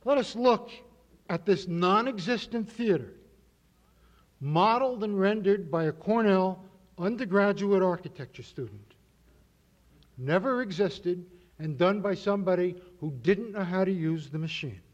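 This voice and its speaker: Measured man lecturing over slides, lo-fi. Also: sits high, animated. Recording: dull lo-fi audio.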